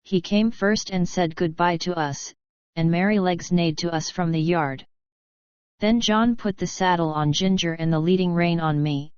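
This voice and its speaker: A woman narrates a classic novel in a calm, even way, with a smooth, clear voice set fairly low. The recording is dry and close, with a slightly dull, muffled tone. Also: dry recording. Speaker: audiobook narrator.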